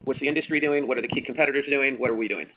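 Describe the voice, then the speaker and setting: A man's voice: medium pitch, very fast, slight background noise. A man, a company executive, answering analysts on an earnings call, rambling with many fillers and restarts and hammering points through repetition. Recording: tinny phone line.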